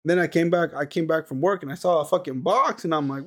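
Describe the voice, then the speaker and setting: A young man tells a story in loose chat among friends. His voice sits high and leaps all over the place. He swears freely and keeps cracking up as he goes. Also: fast talker. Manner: excitable storytelling, swearing, breaking into laughter.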